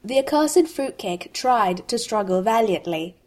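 A woman reading a humorous fan fiction story aloud in an expressive, wry way. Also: fairly high pitch, unhurried. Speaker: narrator.

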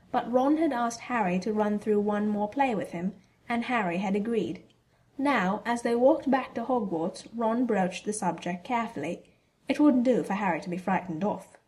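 A woman narrating a fan fiction story in a steady, even reading voice. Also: medium pitch. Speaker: reader.

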